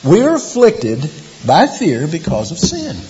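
A man preaching a sermon, telling a Bible story in an animated way with rhetorical questions. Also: fairly high pitch, slow pace. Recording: dull lo-fi with long hall reverb and faint hiss.

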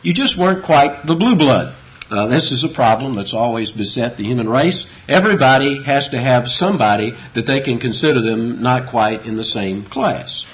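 A male preacher delivers a sermon with emphatic, rhetorical questions that he answers himself. His pitch swings widely as he drives each point home. The recording sounds dull and lo-fi. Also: animated, moderate pace. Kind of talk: expository sermon.

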